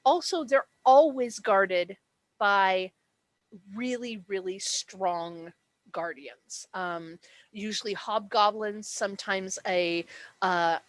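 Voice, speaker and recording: A woman's voice: mid-range voice, slow pace, dry recording. A woman acting as game master, explaining dice rules and describing the setting in a chatty way, with many fillers and self-corrections.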